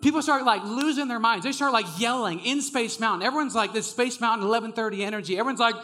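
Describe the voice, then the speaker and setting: A young man preaching a sermon, telling stories with energy, laughing often and shouting when he gets excited. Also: very high-pitched, quick pace, hardly any pauses.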